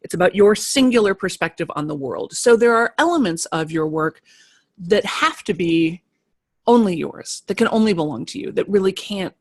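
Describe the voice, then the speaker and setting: A woman giving a live motivational talk to an online group of creative people, emphatic and animated, repeating key phrases. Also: mid-range voice, normal speed.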